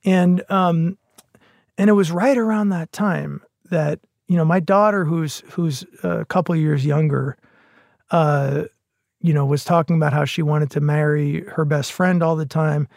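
Middle-aged male podcast guest, earnest and halting, gravelly tone, fairly high pitch, dry close sound. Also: steady tone, darkish tone, dry recording. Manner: earnest, halting, many restarts. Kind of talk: casual conversation.

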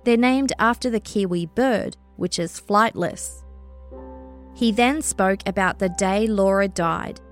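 A woman narrating a true crime story in a measured, scripted storytelling delivery. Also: medium pitch.

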